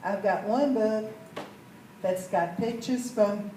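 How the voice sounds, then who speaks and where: A woman's voice: medium pitch, slow, dark tone, slight background noise. Give me a folksy woman speaking to a group, heard far off in a roomy space. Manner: folksy, chatty, asks the audience questions. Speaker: sales manager telling her story. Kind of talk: storytelling talk to a group. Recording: echoey room, mic far off.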